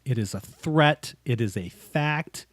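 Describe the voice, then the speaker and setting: Lively, animated man co-hosting a podcast. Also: mid-range voice, takes it slowly, no room sound. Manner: enthusiastic, acts out quotes. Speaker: podcast co-host. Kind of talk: casual chat.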